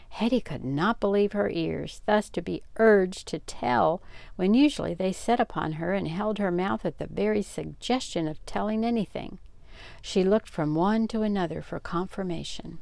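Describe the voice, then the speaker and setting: An older woman reads a storybook aloud, her low, gravelly voice close and dry on the mic. She slips into lively voices for each child in the story, carrying the scene along at a steady storytelling pace. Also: normal speed, no room sound. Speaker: grandmother reading aloud.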